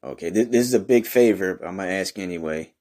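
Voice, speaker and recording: A man's voice: low-pitched, fast talker, a little mellow. A man hosting a comedy podcast in character, talking brashly and profanely in slang, arguing with someone who is never heard. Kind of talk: improvised comedic monologue.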